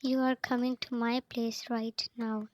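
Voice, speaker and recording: Lady reading a bossy scheming best friend, flat and slow. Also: fairly high pitch, close to an everyday voice, poor audio. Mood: insistent. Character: pushy scheming young woman friend.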